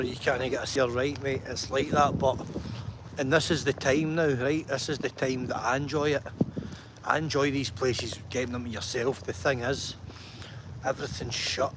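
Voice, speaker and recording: A man's voice: mid-range voice, steady tone, moderate pace, background noise. A man vlogging to camera, chatty and enthusiastic, often checking in with "right?". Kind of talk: walking vlog talk to camera.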